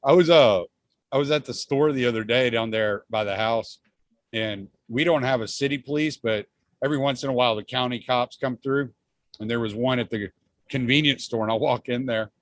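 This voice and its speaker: Male podcast host, relaxed and rambling, medium pitch, dry close sound. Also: a little fast, no echo. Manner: rambling, easygoing, laughs often. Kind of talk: casual podcast chat.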